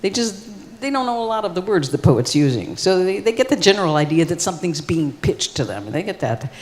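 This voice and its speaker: A woman's voice: on the low side, very animated, a little fast, darkish tone. A woman telling an ancient tale on stage at a live festival, in a casual, rambling way full of "like" and "you know". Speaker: storyteller. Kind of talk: live storytelling performance. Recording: long reverb of a live hall.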